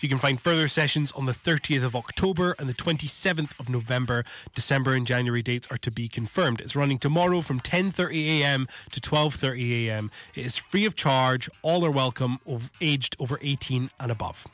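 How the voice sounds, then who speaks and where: A man's voice: medium pitch, a little fast, hardly any pauses, a bit bright. A man hosting a community radio show from the studio, chatting casually and joking about himself between songs before reading local news. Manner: chatty and self-deprecating, yawning between links. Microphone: studio microphone.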